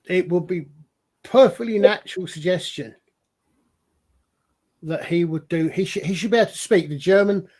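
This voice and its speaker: A man with a somewhat high-pitched voice, talking in a relaxed, chatty way. He rambles through long explanations as a podcast co-host, doubling back and restarting his points as he goes. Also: moderate pace, long pauses. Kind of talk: casual chat.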